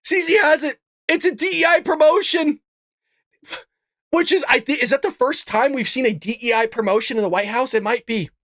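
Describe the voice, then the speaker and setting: Excitable mocking male streamer. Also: very high voice, a little fast, no echo, clean studio sound. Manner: laughs often and curses in disbelief; mocking, excitable, repeats lines. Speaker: show host. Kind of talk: political commentary livestream.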